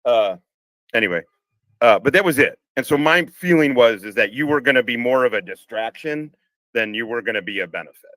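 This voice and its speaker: A man's voice: mid-range voice, expressive, brisk, a bit bright, no echo, poor audio. A man hosting a live conversation, talking casually with lots of swearing and restarts. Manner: swears a lot, rambling with restarts. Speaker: podcast host. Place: home room, car parked outside.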